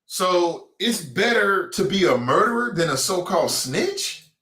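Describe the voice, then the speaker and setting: A man's voice: sits high, sing-song, measured pace, sharp tone, roomy sound. A man hosting a talk show with a Cincinnati accent, delivering a blunt, mocking, streetwise opinion monologue.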